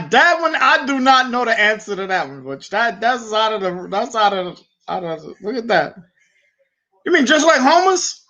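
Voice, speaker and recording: Animated slangy man hosting a livestream. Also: very high voice. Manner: animated storytelling with slangy, repetitive speech. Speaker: livestream host. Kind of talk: casual livestream chat.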